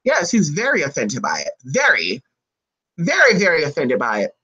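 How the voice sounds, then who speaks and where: Spiritual reader, live-stream chat, sassy, fast-talking, bright forceful voice, big pitch swings. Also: wildly swooping pitch, breathy edge, muffled recording. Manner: talks fast.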